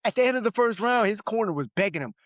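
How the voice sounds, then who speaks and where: A man's voice: high voice, animated, quick pace, no echo. A young man co-hosting a casual podcast, talking loosely with slang and frequent laughs. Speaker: podcast co-host. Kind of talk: casual chat.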